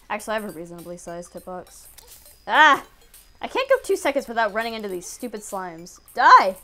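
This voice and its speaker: A woman giving casual let's-play commentary, excitable, yelping at enemies and muttering to herself. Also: medium pitch. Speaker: gaming video creator.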